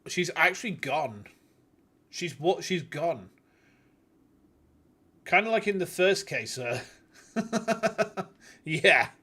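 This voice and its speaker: A man's voice: fairly high pitch, lively intonation, extremely slow, pauses often, bright, forceful tone, breathy edge. A man streaming a game, giving chatty, casual commentary and laughing often. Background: game music.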